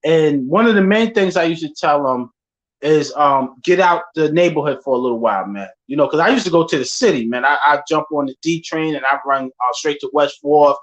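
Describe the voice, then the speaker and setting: A man's voice: a little high, a little fast. Laid-back man, lo-fi chat. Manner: laid-back street slang, storytelling. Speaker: podcast host. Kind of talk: casual chat. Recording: dull lo-fi sound.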